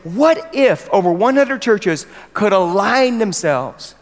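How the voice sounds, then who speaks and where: A man's voice: sits high, expressive, slow. An American man, a pastor, gives an earnest, emphatic sermon to church leaders and asks the room questions. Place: large hall with other church leaders. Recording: long hall reverb.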